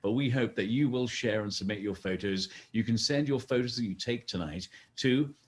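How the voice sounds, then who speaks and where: A man with a mid-range voice at normal speed co-hosts a virtual fundraising gala. His scripted hosting is chatty and full of playful banter and jokes as he urges viewers to donate.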